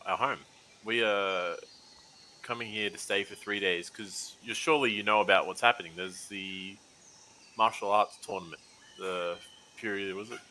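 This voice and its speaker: A man voicing his character in a tabletop game, stammering and playful. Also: a little hiss or hum. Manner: stammering, playful, jumps into high excited pitch. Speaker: player.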